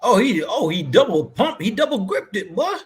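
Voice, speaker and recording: A man with a fairly high voice trades stories in a casual sports chat. He tells them with animated energy and keeps dropping "boy" at the end of his lines. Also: moderate pace, breathy edge. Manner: animated storyteller, says "boy" a lot.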